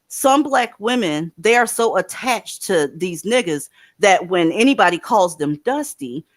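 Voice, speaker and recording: A woman's voice: fairly low pitch, no echo, clean studio sound. Blunt, profane woman streamer. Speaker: livestream host. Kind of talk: blunt commentary and advice to callers.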